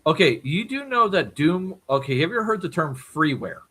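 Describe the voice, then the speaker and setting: A man chatting casually as a podcast guest, putting on a gruff dwarven brogue and swearing freely, with a raspy voice. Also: a little high, big pitch swings, a little fast, pushed and bright.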